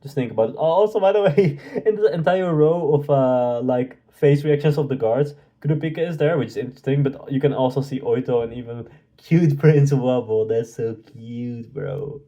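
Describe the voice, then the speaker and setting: A man hosting a live manga reaction, excitable and slangy as he reads and comments. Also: mid-range voice, normal speed.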